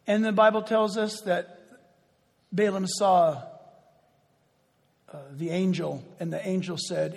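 Husky, high-pitched male pastor, lively sermon storyteller, echoey hall. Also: slow pace, pauses often. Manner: animated storytelling, chuckling asides.

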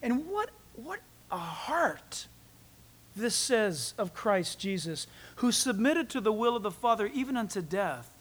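A man with a high voice preaches a sermon as pastor. He builds to loud, emphatic peaks, then drops to quiet, close asides to the congregation. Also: sing-song, unhurried.

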